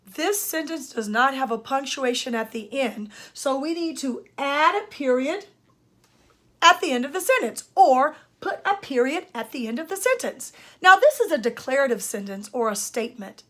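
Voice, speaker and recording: High-pitched and a bit bright, this woman's voice has lively intonation and a moderate pace. She's an older speech-language pathologist teaching grammar emphatically, speaking straight to parents and students in a teacherly manner.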